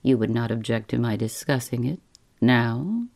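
A woman voicing a cold, deliberate male employer on the telephone with a clear, thin voice who savors each syllable. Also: very deep voice, dark tone, full character voice.

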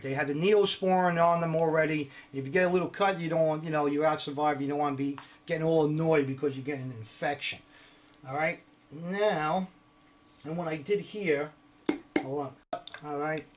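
A middle-aged prepper vlogger with a somewhat high voice gives a jokey, rambling show-and-tell of his gear mods at a moderate pace, often checking in with viewers and saying "all right" and "right?" a lot. The home video has dull lo-fi sound with a little hiss or hum.

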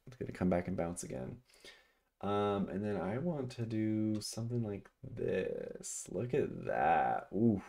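A young man thinks aloud through stock charts in a loose, chatty screen-share commentary. His voice sits a little low, and he takes his time, with plenty of ums and little bursts of excitement. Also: a little slow, creaky. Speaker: stock market vlogger.

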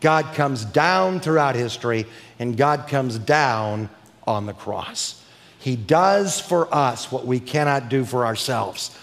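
A man preaching a sermon emphatically, building to crescendos and slowing down to stress key words. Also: medium pitch, expressive, fairly bright tone. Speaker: preacher and teacher. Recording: long hall reverb.

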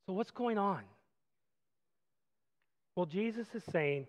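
A man preaching a sermon as pastor, animated, moving from loud acted-out quotes to quiet reflective passages. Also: high-pitched, takes it slowly, pauses often, in a large hall, dull audio. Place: church sanctuary.

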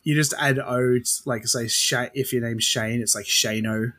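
A man's voice: medium pitch, fairly even intonation, normal speed, sharp tone. Australian man explaining slang. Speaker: podcast co-host. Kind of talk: casual chat.

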